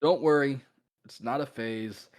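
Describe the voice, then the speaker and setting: A man voicing a laid-back punk biker demon father who talks loudly and shrugs things off. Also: measured pace, natural voice. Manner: booming, then casually dismissive.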